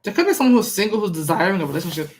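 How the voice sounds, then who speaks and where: A woman's voice: lowish voice, lively intonation, rapid-fire, heavy background noise. A woman doing a casual live-stream tarot reading, chatty with many fillers, reading viewer comments aloud. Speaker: tarot reader.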